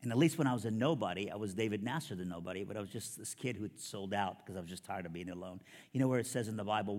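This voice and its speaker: A man preaching his testimony as a sermon, telling his story with lively quoted dialogue. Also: lowish voice, rapid-fire, in a large hall.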